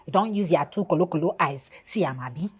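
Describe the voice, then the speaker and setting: A woman's voice: low voice, lively intonation, quick pace, darkish tone, breathy edge. An actress playing a jealous young woman who speaks Nigerian Pidgin and confronts her lover in a film. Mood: reproachful. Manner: accusing, emotional pidgin talk.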